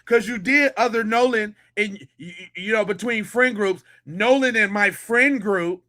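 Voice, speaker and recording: A man's voice: high-pitched, measured pace, pushed and bright. A man hosting a podcast, a former police officer giving slangy, incredulous reaction commentary.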